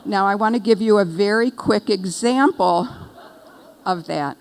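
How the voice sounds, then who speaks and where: An older woman speaking from an event stage, spinning a funny personal story with wry, animated timing. Her voice sits at a middle pitch for a woman. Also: unhurried. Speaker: keynote speaker. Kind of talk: humorous storytelling speech.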